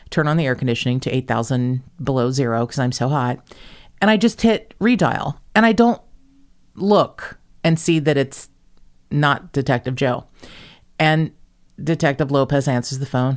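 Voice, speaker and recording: A woman's voice: a bass voice, normal speed. Profane, self-mocking woman telling stories. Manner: profane, self-mocking storyteller acting out quoted voices. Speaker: podcast host. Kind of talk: casual podcast chat.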